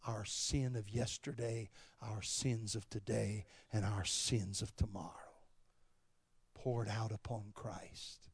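A man preaching a sermon, moving from slow, soft passages to loud, shouted appeals. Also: fairly low pitch, husky, no echo. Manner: wide swings from quiet to shouting. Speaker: pastor.

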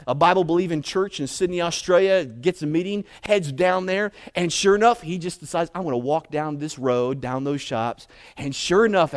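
Young male preacher, loud-to-hushed delivery. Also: on the high side. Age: young adult. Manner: animated, repeats words when building up, swings from loud to hushed. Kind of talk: sermon storytelling.

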